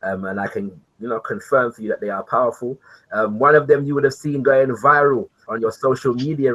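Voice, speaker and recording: A man opens his live online show in an animated, easy manner, his voice sitting at an ordinary middle pitch. He keeps calling his audience kings and queens and fills his talk with casual asides. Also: breathy edge, rough recording. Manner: animated, repeatedly addresses viewers as kings and queens; frequent fillers like "you know what I mean". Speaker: livestream show host.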